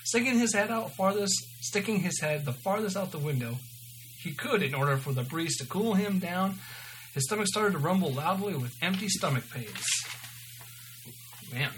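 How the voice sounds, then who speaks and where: A man reads a story aloud in a casual, unpolished way, tripping over words and fixing them as he goes. He sounds amused, his voice sits a little high for a man, and a faint hum runs underneath. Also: animated, normal speed, a bit bright, rough recording. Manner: stumbling and self-correcting, amused.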